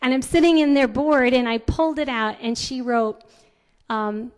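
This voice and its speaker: A woman's voice: high voice, moderate pace. A woman in her fifties giving a talk on raising children, chatty, telling stories with many fillers and restarts. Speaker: parenting speaker.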